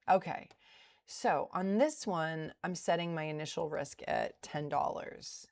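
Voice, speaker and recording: Middle-aged woman trader on a live stream, deep and measured, laughs off her losses. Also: gravelly, darkish tone. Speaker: day trading livestreamer. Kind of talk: casual livestream commentary.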